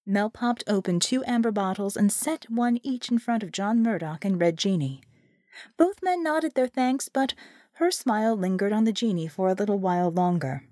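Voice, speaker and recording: Brief: woman narrator, lively pitch, dry close recording, storytelling. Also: moderate pace, no echo. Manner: expressive, storytelling. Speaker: audiobook narrator. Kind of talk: scripted narration.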